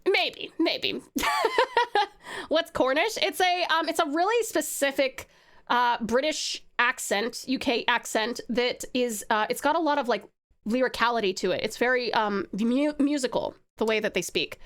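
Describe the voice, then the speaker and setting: A woman's voice: a little high, unhurried, a bit bright. A woman streamer chatting casually and giggling while she draws, rambling and reading chat aloud. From Australia.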